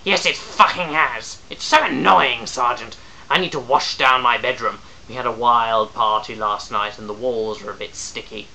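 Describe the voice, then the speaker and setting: A man voicing a furious, foul-mouthed, balding old aristocratic psychiatrist who shouts everything slowly and with heavy emphasis. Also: medium pitch, gravelly, slight background noise, rough recording. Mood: shouting furious. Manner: shouting, swearing, slow emphatic bellow.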